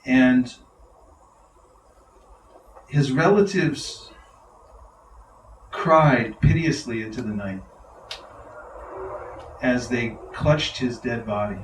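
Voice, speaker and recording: A man's voice: medium pitch, a little hiss or hum. A man giving an enthusiastic devotional talk to a live audience, often laughing as he tells stories. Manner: enthusiastic, laughing, animated storyteller. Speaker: spiritual teacher. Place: large room with a live audience. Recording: roomy hall, mic far off.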